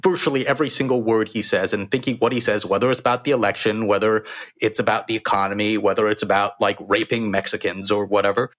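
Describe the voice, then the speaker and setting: A man's voice: lowish voice, a bit bright. Wry man co-hosting a political podcast. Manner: wry, emphatic, builds long run-on arguments. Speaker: podcast co-host. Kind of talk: casual political chat.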